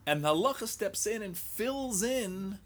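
Unhurried and expressive, this man's high voice leads a Talmud lecture that mixes English with Hebrew and Aramaic terms of study. He works through ideas aloud with rhetorical questions, often saying words more than once.

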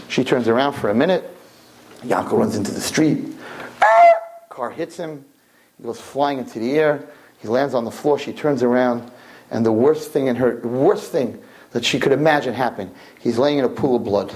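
A man giving an impassioned sermon to girls, swinging from low murmurs to high shouts and acting out dialogue. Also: a little fast, breathy edge, rough recording. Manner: acts out dialogue in character voices. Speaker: religious teacher.

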